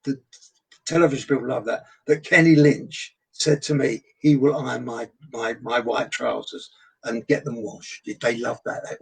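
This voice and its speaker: A man's voice: medium pitch, measured pace, creaky, breathy edge, rough recording. An older English man, a veteran entertainer, telling showbiz anecdotes in a chatty interview and acting out the voices of people he quotes. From England. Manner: animated storyteller, acts out quoted voices. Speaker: guest entertainer. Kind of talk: anecdotal chat.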